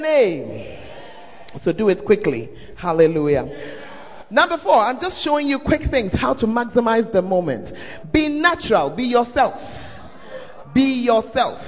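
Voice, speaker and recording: A man preaching a sermon as pastor, animated, with sudden shouted exclamations. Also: extremely high pitch. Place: large church hall. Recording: dull sound with long hall reverb. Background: faint congregation.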